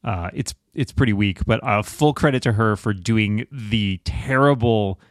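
A man's voice: fairly low pitch, a little slow, dry recording, studio quality. A man co-hosting a podcast, chatting casually and laughing now and then. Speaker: podcast co-host. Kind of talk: casual chat.

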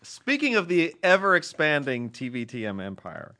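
A man's voice: on the high side, wildly swooping pitch, moderate pace, pushed and bright. A man co-hosting a podcast, reading a listener letter aloud with dry jokes and frequent laughs. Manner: dry, joking, laughs often.

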